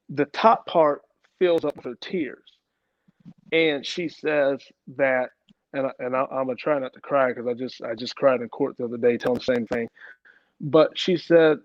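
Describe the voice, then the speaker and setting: A young man giving a personal account in an interview, halting, with many restarts and repeated words. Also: mid-range voice, no echo. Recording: dull lo-fi sound, dry.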